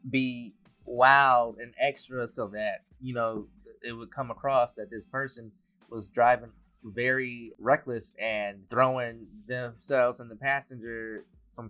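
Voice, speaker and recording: A man, a writer and director, speaking in a relaxed behind-the-scenes interview, laughing often as he talks. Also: medium pitch. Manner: relaxed, laughs often, loose rambling sentences.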